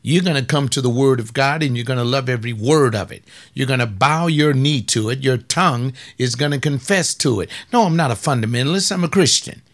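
A middle-aged male preacher delivering a combative, scornful sermon, firing off rapid bursts and drawing out words for emphasis. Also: mid-range voice, fairly bright tone. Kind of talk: fiery sermon.

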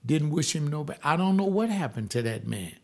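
A male pastor telling a personal testimony like a sermon, emphatic and drawing out key words slowly. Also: fairly high pitch, sing-song, creaky.

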